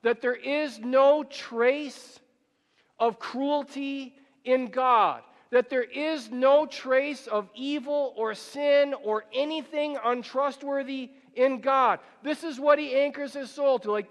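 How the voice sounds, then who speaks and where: A male pastor preaching a sermon, asking rhetorical questions and slowing down and rising in pitch when he reads scripture. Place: church sanctuary. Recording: church hall with long reverb.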